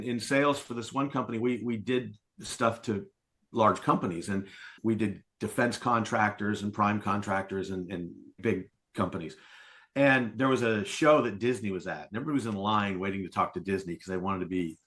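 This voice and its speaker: Animated man, sales coach on a podcast. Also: on the low side, moderate pace. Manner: animated storyteller acting out quoted lines. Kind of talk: conversational interview.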